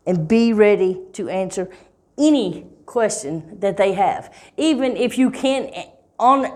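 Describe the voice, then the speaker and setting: A woman teaching English in a clear, deliberate way, stretching key words and checking in with "okay?" and "right?". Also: medium pitch, dark tone. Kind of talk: slow, clear teaching talk.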